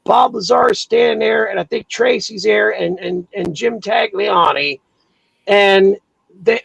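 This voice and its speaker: A man hosting a casual chat, telling animated, profane stories and acting out quotes. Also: high-pitched, unhurried, vocal fry, slightly rough, no room sound, highs cut off. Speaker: podcast host.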